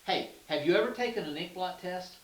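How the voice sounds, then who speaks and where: A man's voice: high voice, lively intonation, fairly quick, fairly bright tone, roomy sound. A young man playing a smug, tactless quack doctor in a comedy short, glib and mocking. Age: young adult. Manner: glib, mocking, puts on a fake French accent in jokes. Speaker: actor in a student comedy film.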